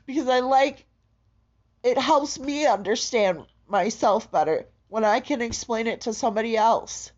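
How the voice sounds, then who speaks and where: A woman in a raw confessional monologue, distraught and halting, swearing heavily and breaking into shaky laughter. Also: on the high side, a little mellow. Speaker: vlogger. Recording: dull lo-fi audio.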